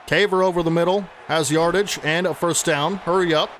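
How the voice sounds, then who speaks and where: A man commentating his own football video game play-by-play, excitable and chatty with his viewers. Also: on the high side, a little fast, a little hiss or hum. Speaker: gaming channel host.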